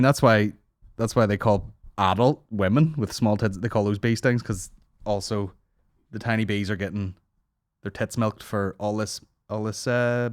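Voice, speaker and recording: A man's voice: on the low side, dry recording. A man in his thirties hosting a comedy podcast, rambling and sarcastic with constant swearing, into a studio microphone. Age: 30s. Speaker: podcast host. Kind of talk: casual comedy podcast rant.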